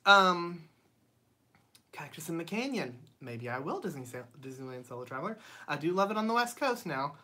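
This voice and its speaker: Her voice is low and very animated, moving at normal speed, as she hosts a relaxed livestream from a home studio. Greeting viewers by name, she chats away, reading comments aloud amid plenty of ums and bright laughter.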